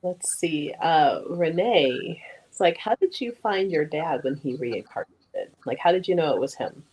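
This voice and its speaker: A woman's voice: sits low, measured pace, slightly rough, poor audio. A woman co-hosting a casual chat, reading out viewer questions and telling her own stories. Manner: reads questions aloud, relaxed with soft fillers.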